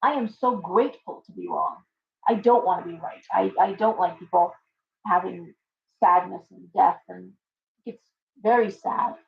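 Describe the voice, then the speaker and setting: A woman's voice: lowish voice, sing-song, moderate pace, gravelly, lo-fi sound. A woman who runs a tarot shop, chatting casually on a live stream, rambling through stories and acting out her clients' lines.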